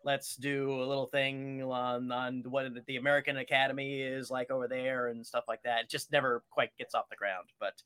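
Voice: medium pitch, level tone, normal speed, few pauses, fairly bright tone, smooth. A panel moderator reading out fan questions in an easygoing, upbeat manner.

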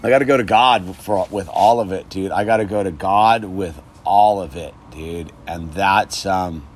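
A man's voice: low-pitched, unhurried, slight background noise. A man talking outdoors in his yard in a casual, rambling monologue about sobriety and faith, saying "dude" constantly. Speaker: vlogger speaking on sobriety and faith.

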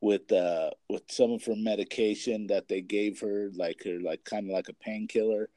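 A young man chats casually in a low, mellow voice, full of filler words and the odd curse. The sound is dry and close, with no room around it. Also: steady tone, moderate pace, dry recording. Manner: rambling, heavy filler words and swearing. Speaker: parent and kids' basketball coach. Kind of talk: casual chat.

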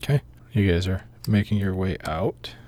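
A man running a tabletop game as game master, narrating scenes in a measured way with filler pauses. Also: low-pitched, warm tone, dry recording.

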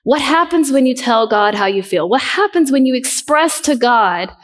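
A middle-aged woman preaches with earnest conviction. She keeps putting questions to her listeners and repeats her main points. Her voice sits fairly high. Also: expressive, moderate pace. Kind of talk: sermon.

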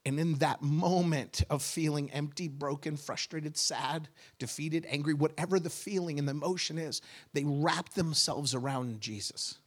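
A pastor preaching with a high, bright-edged male voice. He surges from steady teaching into impassioned, near-shouted climaxes, carrying the congregation with him. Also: normal speed, few pauses. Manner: impassioned, rising to shouts at peaks. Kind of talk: sermon.

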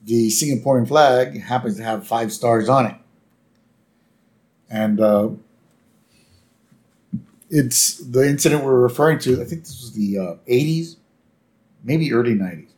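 A man's voice: mid-range voice, unhurried, pauses often, a little mellow. A man co-hosting a podcast, retelling an episode in loose casual chat full of fillers and tag questions. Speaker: podcast co-host.

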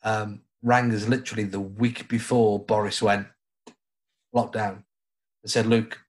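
A man's voice: lowish voice, level tone, a little slow. Man, Stoke-on-Trent accent, radio presenter, chatty, jokey, rambling. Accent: Stoke-on-Trent English. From Stoke-on-Trent area, England. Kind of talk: casual chat.

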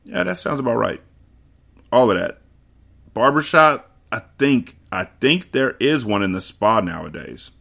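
Man, podcast host, reading a novel aloud, laid-back asides, medium pitch. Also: big pitch swings, unhurried, vocal fry, fairly bright tone, slightly rough.

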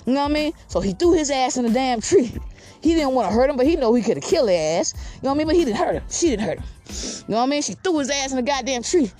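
A woman's voice: high-pitched, expressive, fast talker, mellow, soft background music. A woman telling a comic animal story in a rambling, profane way, with frequent asides to the listener. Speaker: podcast host.

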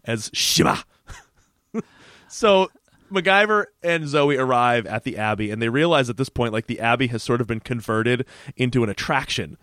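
Animated man recapping a TV episode. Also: medium pitch, fairly quick, dry recording, clean studio sound. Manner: animated retelling with quoted voices and laughs. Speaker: podcast co-host. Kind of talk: casual chat recapping a TV episode.

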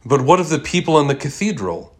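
A sardonic, indignant customer who questions everything, pitched well above the reader's own voice and spoken louder. His remarks come dry and pointed. A man reading a short story acts him out. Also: big pitch swings, a little fast.

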